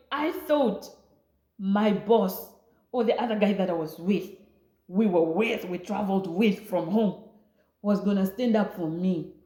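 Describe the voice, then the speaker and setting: A young woman, telling a story in a casual vlog and animatedly acting out what people said. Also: mid-range voice. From Namibia. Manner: animated, acts out quoted voices. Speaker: vlogger. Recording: roomy echo.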